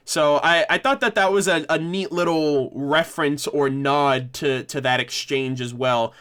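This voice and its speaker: Guy hosting a stream, kinda higher voice, rambly, laughs a lot, keeps fixing his own slips. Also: unhurried, few pauses, fairly bright tone, clean tone. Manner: rambling, self-correcting, laughs often. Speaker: livestream host. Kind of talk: casual livestream discussion.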